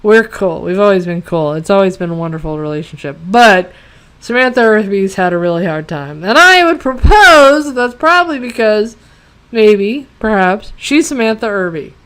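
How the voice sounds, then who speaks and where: A woman's voice: mid-range voice, lively intonation, normal speed, a bit bright, smooth. A woman giving a casual ranting review of a TV episode, exasperated, sarcastic and profane, rambling with lots of fillers.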